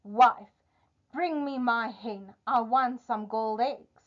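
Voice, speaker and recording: Storybook giant, gruff and demanding, voiced by a woman teacher; slow, clear delivery on lo-fi audio. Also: on the high side. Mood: bossy. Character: huge hungry male giant, gruff and demanding. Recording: dull lo-fi recording.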